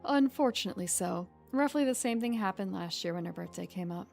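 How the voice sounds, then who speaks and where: A woman voicing a polite, soft-spoken young woman student in a visual novel. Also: mid-range voice, lively intonation, brisk, vocal fry, faint music behind. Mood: calm.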